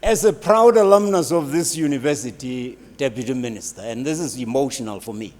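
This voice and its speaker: A man's voice: medium pitch, brisk. An older man giving a speech and telling jokes in a storytelling way. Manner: storytelling, animated with voices. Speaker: university alumnus speaker. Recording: reverberant hall.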